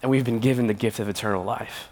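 A man's voice: on the low side, steady tone, fast, darkish tone. A young man giving a sermon as a youth pastor, earnest and conversational, with playful asides.

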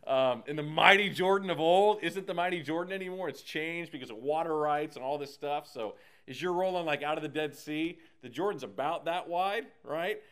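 A man leading a casual Bible study, animated and slangy, acting out the characters as he teaches. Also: on the high side, normal speed, few pauses, smooth. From United States.

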